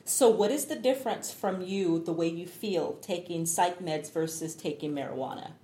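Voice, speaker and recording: A woman's voice: fairly low pitch, normal speed, dark tone. A woman interviewing someone, asking probing questions and giving brief prompts. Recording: roomy echo, faint background noise.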